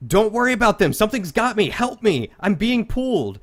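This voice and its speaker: A man's voice: high voice, sing-song, fairly quick, fairly bright tone, pitched above the performer's own voice, full character voice. A man voicing a panicked man who screams and begs for help while something drags him into a bush, in a tabletop game.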